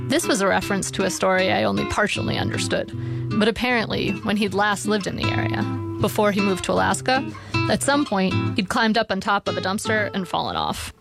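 A woman's voice: medium pitch, fairly quick, vocal fry. A woman narrating a personal essay in a wry, dry storytelling manner. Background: soft guitar music.

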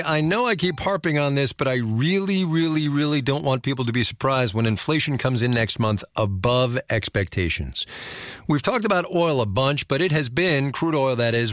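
A man's voice: on the high side, fairly bright tone, no room sound, studio quality. A man hosting a radio business news show, giving a chatty, emphatic sign-off commentary. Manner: emphatic, chatty, repeats words for stress.

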